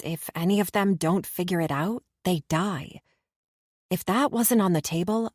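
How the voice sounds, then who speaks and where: Audiobook narrator: woman, lower register, measured first-person reading, dry booth. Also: dry recording.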